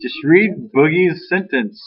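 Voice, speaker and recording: A man's voice: fairly high pitch, expressive, slow, husky. A male math teacher leading a classroom lesson, talking casually and teasing his students. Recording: dull lo-fi classroom recording.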